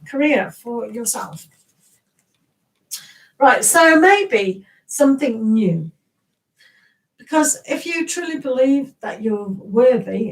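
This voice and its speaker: A woman's voice: on the high side, far from the mic, rough recording. An English woman giving a casual, rambling tarot reading on a live stream. She greets viewers, laughs often and restarts her sentences.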